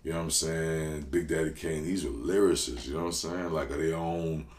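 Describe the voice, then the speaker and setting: Very deep-voiced New man, roomy. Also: fairly quick. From New Orleans. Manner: animated, slangy, loud bursts when telling stories. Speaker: podcast guest, rapper. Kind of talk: casual storytelling interview. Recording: roomy echo.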